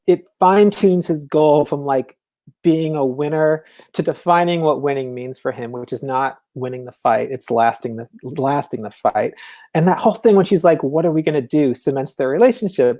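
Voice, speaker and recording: A man with a mellow, warm voice gives a relaxed festival talk on the craft of writing. He is enthusiastic and conversational, sprinkling in fillers and asides as he explains. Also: on the high side. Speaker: novelist, festival speaker. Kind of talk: casual lecture on writing.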